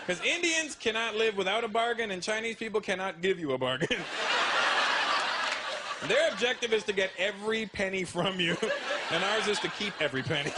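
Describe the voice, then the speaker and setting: A male stand-up comedian telling animated stories and switching into character voices. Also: high-pitched. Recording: live show over loud audience noise.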